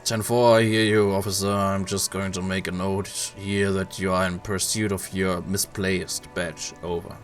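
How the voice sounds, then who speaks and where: A man's voice: deep voice, little pitch movement, moderate pace, few pauses, soft background music, lightly acted. A man with a German accent voicing a formal police radio operator who talks in clipped radio codes.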